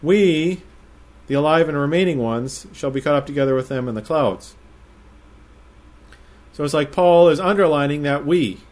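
Speaking with a fairly high pitch, this man walks through scripture verse by verse. He explains in a measured manner and slows on quoted phrases to give them weight.

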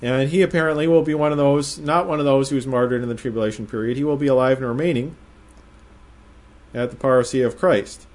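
A man giving verse-by-verse Bible teaching in a measured, explanatory way, slowing down to stress quoted phrases. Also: mid-range voice, a little mellow.

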